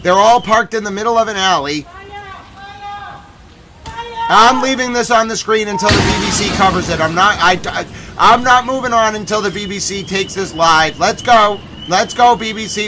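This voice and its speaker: High-pitched guy on a live news stream, sharp bright voice, keeps shouting and demanding, bit of hiss behind. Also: normal speed. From United States. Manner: agitated, shouting outbursts and urgent repeated demands. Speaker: livestream host covering breaking news.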